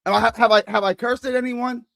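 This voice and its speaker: A man arguing loudly and combatively with chat comments on a live stream. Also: very high voice, steady tone, a little fast, gravelly. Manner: combative, argumentative, loud. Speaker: regular show guest. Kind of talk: heated live-stream talk.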